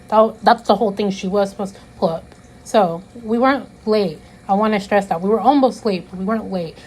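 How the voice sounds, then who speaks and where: A woman's voice: medium pitch, darkish tone, a little hiss or hum, poor audio. A young woman vlogger telling a casual storytime, rambling with lots of "like" and stressing her points. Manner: rambling, repeats herself, lots of "like".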